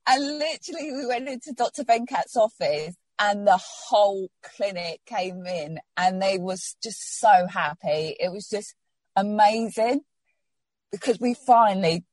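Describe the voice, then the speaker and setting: A woman's voice: mid-range voice, unhurried, darkish tone, no room sound. A woman recounts a personal story in an interview. She rambles and restarts, heartfelt and close to tears at times. The recording is dry and close. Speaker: patient telling her story.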